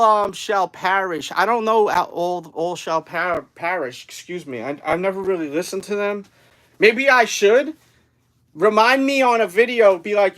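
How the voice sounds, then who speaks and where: A man's voice: high voice, fairly bright tone, low-quality recording. A man chatting casually and rambling with slang and swearing while livestreaming from home. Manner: loose, rambling, slangy and profane. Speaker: streamer reacting live. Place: home room.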